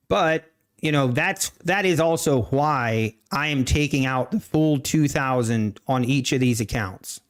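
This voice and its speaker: A man hosting a live day-trading stream, talking casually and haltingly, often restarting and clearing his throat. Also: mid-range voice, expressive. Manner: slow, halting, many restarts, answers chat. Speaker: livestream day-trading host. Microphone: desk mic.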